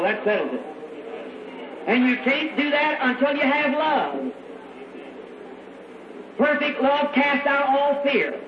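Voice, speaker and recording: A man's voice: very high voice, slight background noise. A man preaching a sermon in a fervent, folksy way, calling out to a church congregation. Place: church meeting hall. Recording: echoey, dull old hall recording.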